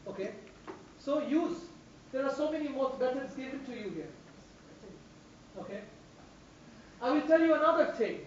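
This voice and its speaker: A woman's voice: high voice, moderate pace, pauses often, a little hiss or hum. A woman trainer lectures a class, leaning hard on single words and repeating herself for emphasis. She sounds far from the microphone in a very echoey room. The sound is dull and muffled. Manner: animated, emphatic, repeats phrases for stress. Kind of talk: classroom instruction. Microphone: distant room microphone.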